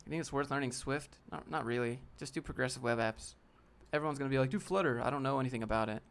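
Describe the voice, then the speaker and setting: A man talks casually on his live stream, reading chat questions and answering them bluntly. He drops slang like "fam" and "dude" while critiquing a viewer's portfolio. His voice sits at an ordinary middle pitch. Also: fairly even intonation, quick pace, a bit bright, clear, resonant tone. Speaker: livestream host. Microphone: desk setup with a DSLR camera.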